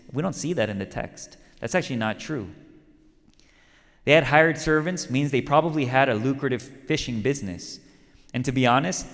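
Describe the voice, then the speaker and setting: Male pastor, mid-pitched, conversational sermon delivery, long hall reverb. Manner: conversational preaching with stories and repeated lines for emphasis.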